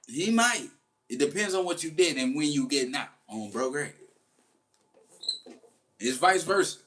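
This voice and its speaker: Slangy male commentator, casual and animated. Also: fairly high pitch, moderate pace, pauses often, a little hiss or hum. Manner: slangy, animated storytelling with laughs. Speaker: commentary host.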